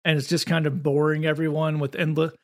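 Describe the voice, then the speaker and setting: Brief: wry Southern co-host with a gravelly, fast-running voice. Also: male voice, fairly high pitch, flat delivery. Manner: quick, wry, with frequent restarts. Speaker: podcast co-host. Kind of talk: casual comedic chat.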